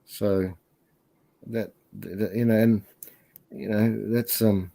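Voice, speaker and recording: A man's voice: on the low side, level tone, slow, creaky, warm tone. A man talking as a guest on a casual live stream, rambling and hesitant with lots of fillers.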